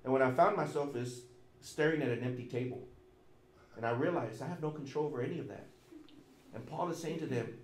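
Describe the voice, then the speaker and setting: A man's voice: mid-range voice, a little fast. Emphatic preaching man in echoey church. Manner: emphatic preaching with repetition and sudden loud and soft swings. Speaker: pastor. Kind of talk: sermon.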